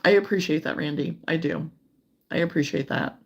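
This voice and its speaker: A woman hosting a casual crochet livestream, chatting warmly and reading out viewer comments, sometimes close to tears. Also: low voice, normal speed. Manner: warm, emotional, reads viewer comments aloud.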